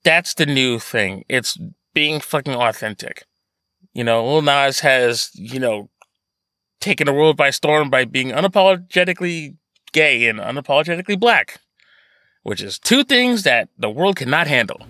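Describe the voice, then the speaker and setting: A man co-hosting a podcast in casual chat, animated and laughing, swearing freely. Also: mid-range voice, moderate pace, no echo, studio quality. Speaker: podcast co-host.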